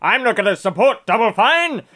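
A man voicing an indignant, entitled male gamer who shouts his complaint in a shrill, outraged voice. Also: very animated, moderate pace, full character voice.

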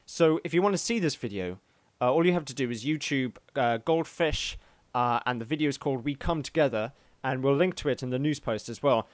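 A man co-hosting a podcast in casual chat, with dry deadpan jokes. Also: mid-range voice, a little fast, hardly any pauses, dry recording. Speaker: podcast co-host.

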